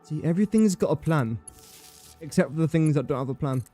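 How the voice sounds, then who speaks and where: A man's voice: a little high, expressive, a little fast, dark tone, soft background music. A young man livestreaming a building game, chatting casually and joking at his own expense while he talks to the pieces he places. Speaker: livestreaming gamer.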